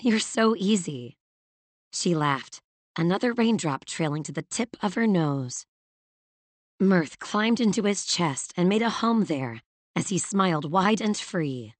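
In this scripted audiobook narration, a woman reads from a novel with a lowish, measured, even voice. She sits close to the microphone and keeps steady, in a dry recording free of room echo.

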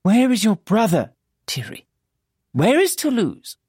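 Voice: medium pitch, huge pitch swings, measured pace, darkish tone, husky, no room sound, clean studio sound, pitched above the performer's own voice, exaggerated voice. A reader voicing a fierce, fiery, vengeful woman who speaks sharply and demandingly.

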